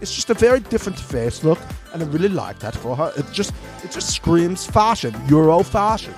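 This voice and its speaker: A man's voice: fairly high pitch, big pitch swings, fast, faint music behind. A man putting on a fake European accent to play a pompous, chain-smoking male fashion reporter. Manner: fake European accent, drawling, self-important.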